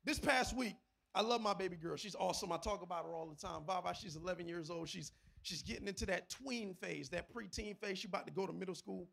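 Husky, bright-voiced preaching man. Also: sits high, fast talker. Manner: preaching with sudden loud bursts and asides to the congregation. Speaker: pastor. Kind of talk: sermon.

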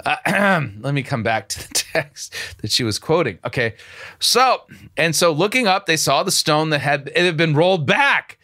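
A man's voice: fairly high pitch, animated, normal speed, pushed and bright. A man hosting a commentary show, picking apart a sermon clip with sarcastic, incredulous remarks and frequent restarts. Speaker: host.

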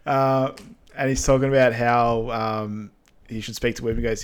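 A man's voice: mid-range voice, moderate pace, clear, resonant tone. Easygoing man recapping a film on a podcast. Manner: relaxed, filler-heavy recounting of scenes. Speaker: podcast co-host. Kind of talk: casual film recap chat.

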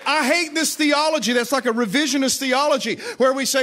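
A high-voiced man preaches to a congregation with emphasis and drive. He repeats key lines and urges the listeners to call back and turn to each other. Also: lively intonation, brisk, few pauses, a bit bright. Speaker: pastor. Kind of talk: sermon. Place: church service with congregation.

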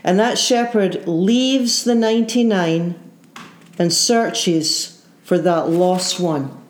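A woman's voice: lowish voice, slow pace. A woman preacher giving an earnest sermon, full of rhetorical questions and repeated phrases. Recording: roomy echo.

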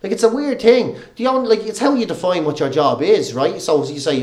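An Irish man, a comedian and radio presenter, chats casually in a podcast, telling animated anecdotes laced with swearing and laughing along the way. His voice is high and fairly quick, with hardly any pauses. The recording sounds reverberant.

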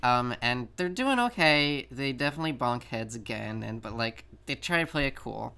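A woman guest on a podcast, recounting scenes in a halting casual way, often restarting words. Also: extremely low pitch, lively intonation, creaky, pushed and bright, clean tone. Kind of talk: casual chat.

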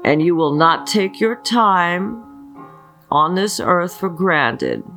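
Slow, earnest spiritual teacher. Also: medium pitch, sing-song, bright, forceful tone, faint music behind. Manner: earnest, asks many rhetorical questions, often checks in with "okay". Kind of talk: slow motivational spiritual talk leading a mantra.

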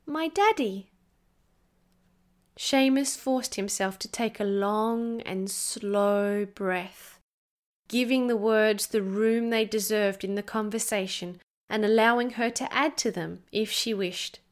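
A woman narrating a storybook in a slow, measured reading. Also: mid-range voice, steady tone.

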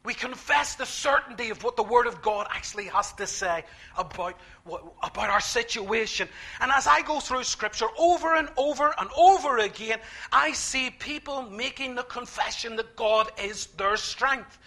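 High, bright-voiced preacher man. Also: moderate pace. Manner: emphatic, repeats key phrases, swings from quiet to loud. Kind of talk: sermon.

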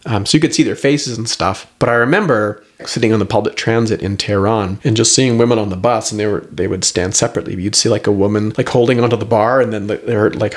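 A middle-aged man, a guest on the show, telling a personal story in an animated, rambling way full of fillers. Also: fairly low pitch. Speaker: guest, herbalist. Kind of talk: storytelling in conversation.

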